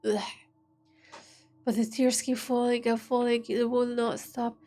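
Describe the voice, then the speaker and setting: A woman's voice: on the high side, level tone, measured pace, dark tone. A woman streamer reading an interactive story aloud, stumbling over words and breaking off with joking asides.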